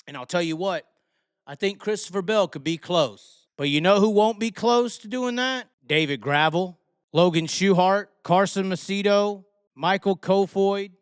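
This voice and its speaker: Heated Southern man ranting, smooth voice. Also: high-pitched, a little slow, no echo, clean studio sound. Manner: heated, blunt, heavy swearing. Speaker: racing commentator. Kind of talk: profane opinion rant.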